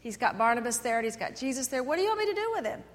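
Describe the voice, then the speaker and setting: A woman preacher voicing a male governor who questions a crowd in a hurried way. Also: a little high, very animated. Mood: demanding. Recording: echoey church hall.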